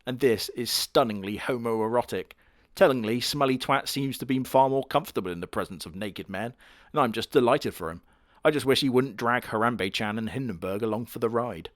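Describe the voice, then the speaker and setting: Brief: male reviewer, crude deadpan humor, mid-pitched, dry close mic. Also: a little fast, dry recording. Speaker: anime reviewer. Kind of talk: comedic anime commentary.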